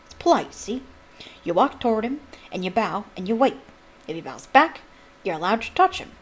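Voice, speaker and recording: A big, soft-hearted male gamekeeper, put on by a woman reading a storybook aloud. He talks in a homely country way, dropping words and clipping his speech. The voice stays at a medium, everyday pitch. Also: very animated, moderate pace, husky. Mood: eager. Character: huge gruff kindly male gamekeeper.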